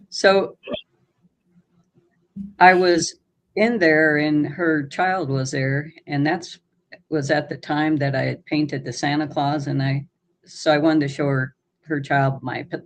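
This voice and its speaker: Casting note: middle-aged woman guest, plainspoken and modest, gravelly fry in the voice. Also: low-pitched, steady tone, slow pace, pauses often. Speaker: guest artist. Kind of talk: casual chat.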